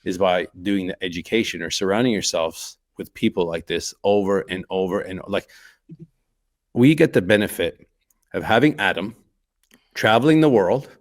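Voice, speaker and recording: Enthusiastic low-voiced man. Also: moderate pace. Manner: enthusiastic, repetitive emphasis. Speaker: podcast co-host. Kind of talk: casual podcast chat.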